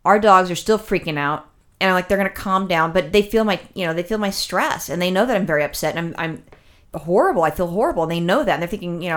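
A woman's voice: fairly low pitch, quick pace. A woman telling a long personal story in casual chat, rambling with many fillers and restarts, emotional as she recounts it.

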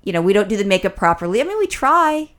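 A woman's voice: mid-range voice, very animated, quick pace, a bit bright. A middle-aged woman, chatty and profane, telling stories in a casual chat as a podcast host. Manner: chatty, profane storytelling with mimicry.

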